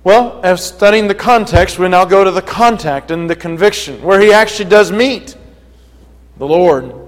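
A man preaching a sermon in an earnest manner that rises to forceful emphasis. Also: sits high, moderate pace, long reverb tail, low-quality recording.

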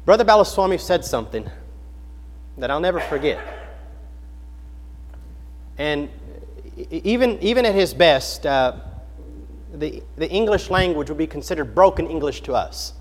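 An American male preacher delivers a sermon in a high-pitched voice, speaking earnestly and animatedly at normal speed. He asks the congregation questions, repeats phrases for emphasis, and leaves long pauses. His voice carries with a long reverb through a large hall.

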